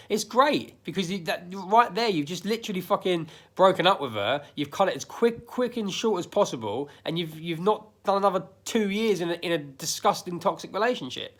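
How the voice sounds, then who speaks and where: A man's voice: high voice, lively intonation, a little fast, fairly bright tone. A man giving blunt, emphatic life advice straight to his viewers, swearing freely and repeating himself. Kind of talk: casual direct-to-camera monologue.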